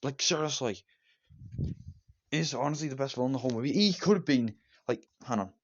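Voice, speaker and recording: A man's voice: mid-range voice, brisk. A man giving a casual, rambling movie review, enthusiastic and repetitive, with many fillers and restarts. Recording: dull lo-fi recording.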